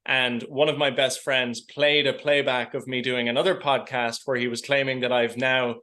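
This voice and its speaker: A man's voice: medium pitch, flat delivery, moderate pace, bright, forceful tone. A man with a mild Irish accent from the Irish Midwest, answering interview questions in a thoughtful, articulate way with some hesitant restarts. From Ireland. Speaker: interview guest.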